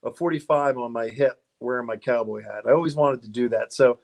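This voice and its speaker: A middle-aged man chatting as a guest on a car podcast, voice sitting at an ordinary pitch. He tells his stories loosely, laughing often and tripping over restarts as he goes. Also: brisk, creaky, darkish tone. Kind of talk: casual interview storytelling.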